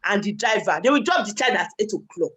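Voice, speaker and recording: A man's voice: sits high, lively intonation, quick pace, a bit bright. A man, making his points insistently as a panelist in a casual discussion.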